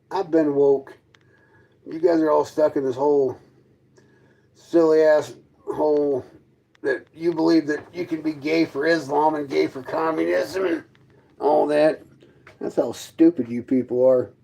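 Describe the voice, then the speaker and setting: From inside his fifth-wheel trailer, a man hosts a casual livestream, sarcastically mocking and arguing with his viewers in chat. His voice is fairly high and dark-toned, a little slow, with vocal fry and long pauses, and the audio is poor.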